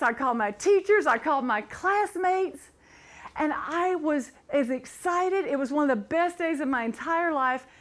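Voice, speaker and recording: A middle-aged woman giving a motivational talk, telling her story with animated, building excitement. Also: high voice. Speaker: motivational speaker.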